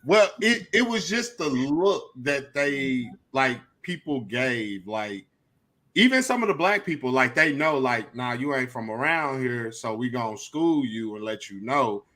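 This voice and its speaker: A young man hosting a podcast in relaxed, joking conversation with plenty of slang. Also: medium pitch, a little slow. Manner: laid-back, joking, Southern Black American slang. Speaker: podcast host. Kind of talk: casual chat.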